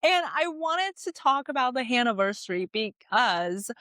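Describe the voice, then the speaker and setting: A young woman who moved to America at age ten hosts her own podcast, chatting loosely with plenty of "like" and "you know". Her voice is fairly high, very animated and sharp, at a moderate pace, with studio-quality sound and no echo.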